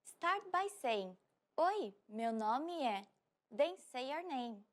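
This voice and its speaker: A woman hosting a short language lesson, speaking in an upbeat, clear way and slowing down to repeat key phrases. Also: high voice, sing-song. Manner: upbeat, clear, slows down for repetition. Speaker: language teacher host.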